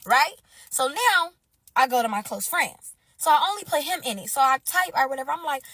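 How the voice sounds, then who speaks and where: Woman, high voice, casual storytime, animated, slangy, addresses viewers. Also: normal speed, no echo.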